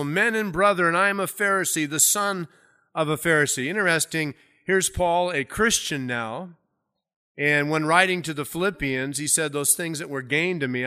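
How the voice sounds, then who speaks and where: With a fairly high, sharp-toned voice, a man preaches as pastor through a Bible passage. His teaching is conversational and expository, and the emphasis rises whenever he reads scripture aloud.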